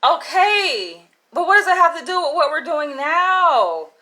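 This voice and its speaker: A woman vlogging in a high, bright voice as she recounts a story in a casual, animated way. She sounds exasperated and drops slangy "yo" throughout. Her tone is sharp and lively. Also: a little slow, rough recording.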